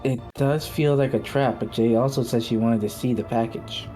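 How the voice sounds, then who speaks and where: Tabletop player, mellow and warm, joking around, soft music in the background. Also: male voice, medium pitch, steady tone, moderate pace. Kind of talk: casual tabletop game play.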